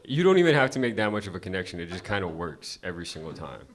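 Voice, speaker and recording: Low-voiced man doing stand-up. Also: very animated, very fast. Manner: casual, profane, conversational delivery. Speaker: stand-up comedian. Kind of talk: open-mic stand-up set. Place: comedy club stage.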